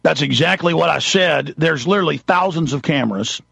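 Gravelly heated male talk host. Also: on the high side, brisk, no room sound. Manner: forceful, heated, acts out quotes dramatically. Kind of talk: ranting monologue.

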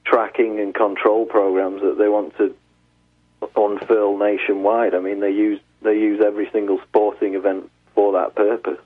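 A man's voice: lowish voice, flat delivery, normal speed, husky. A man who is a guest on a talk radio show, explaining earnestly and restarting his phrases. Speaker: guest, journalist. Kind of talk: talk radio interview by phone. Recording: tinny phone line.

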